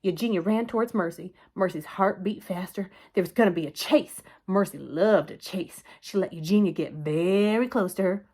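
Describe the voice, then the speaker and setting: A woman telling a children's story aloud in a clear, expressive way. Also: medium pitch, moderate pace, few pauses. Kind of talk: children's book read-aloud.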